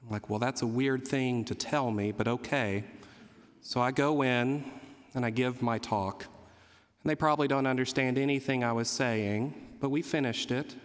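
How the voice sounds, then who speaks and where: Male priest telling a funny story in his homily, mid pitch, big echoey church. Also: fairly even intonation, normal speed. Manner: storytelling, gently humorous. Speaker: Catholic priest. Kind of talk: sermon. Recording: reverberant church hall.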